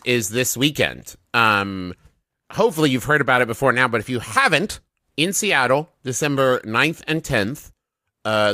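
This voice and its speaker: Male comedy podcast co-host, dry close sound, lively rambling delivery. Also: medium pitch, no room sound. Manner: eager, rambling show plugs. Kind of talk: casual comedy podcast banter.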